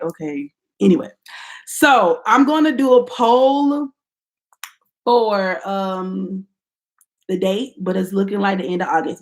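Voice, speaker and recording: A young woman with a Southern American accent, chatting casually on a livestream, reading comments and talking straight to her viewers in a playful, animated way. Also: medium pitch. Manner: animated, playful, Southern-tinged slang, talks to viewers directly. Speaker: YouTuber doing a livestream. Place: at home at her computer.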